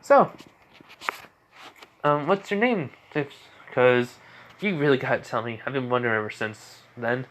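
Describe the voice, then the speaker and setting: A man narrating an amateur fan story, voicing a shy, earnest teenage girl who talks in a hesitant, halting way. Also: mid-range voice, slight background noise, close to an everyday voice. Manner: hesitant, halting, soft-spoken.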